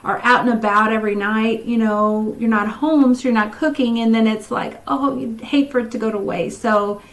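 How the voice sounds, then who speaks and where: Woman, co-host, rambling and friendly, a bit high voice. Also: fairly even intonation, normal speed, rough recording. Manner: rambling, friendly, many fillers. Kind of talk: casual livestream chat.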